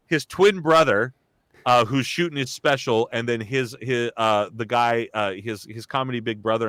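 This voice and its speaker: A man's voice: medium pitch, a bit bright, clean tone, no echo, clean studio sound. A young man, a guest on a live talk show, telling a casual story with lots of restarts and quoted voices. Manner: rambling, full of restarts and acted-out quotes. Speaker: guest, voice actor and comedian.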